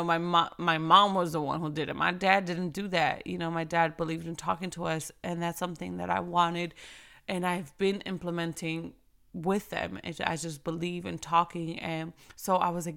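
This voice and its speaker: A woman's voice: lowish voice, vocal fry, fairly bright tone. A woman who is a mother, telling a personal faith story in a casual, rambling way with lots of fillers and restarts.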